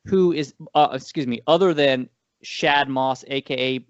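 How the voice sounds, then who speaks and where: A man co-hosting a casual movie-review podcast, rambling and animated, often correcting himself mid-sentence. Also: medium pitch, unhurried, clear, resonant tone, dry recording. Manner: rambling, animated, frequent self-corrections and laughs. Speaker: podcast co-host. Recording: dull lo-fi dry sound.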